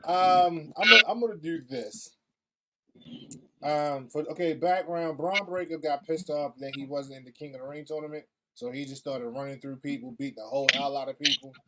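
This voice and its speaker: Laid-back Baltimore podcast host, noisy. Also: male voice, fairly high pitch, steady tone, normal speed, bright, forceful tone. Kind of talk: casual chat. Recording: noisy background.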